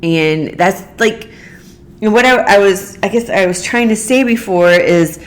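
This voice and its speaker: A woman's voice: medium pitch, a little slow. A woman hosting a solo podcast, talking through her thoughts in a casual, earnest, rambling way with lots of fillers. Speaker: podcast host.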